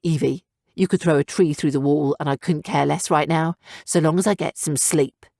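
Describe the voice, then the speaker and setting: A woman's voice: low voice, fairly even intonation, normal speed, gravelly, mellow, dry recording, studio quality, voice pushed down. A woman narrator voicing a lazy, teasing young male griffin who talks in a drowsy, offhand way.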